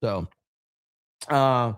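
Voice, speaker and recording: A man's voice: medium pitch, extremely slow, clean tone. A man hosting a casual livestream podcast, telling stories bluntly and with plenty of swearing. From USA. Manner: blunt, profane, animated storytelling. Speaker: podcast host.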